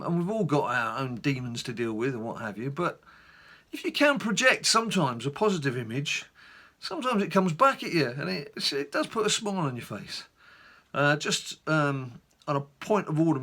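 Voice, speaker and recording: Lively, bright-voiced dad vlogger. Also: male voice, a little high. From England. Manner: animated storyteller, rambling asides. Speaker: gaming YouTuber. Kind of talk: casual chatty vlog.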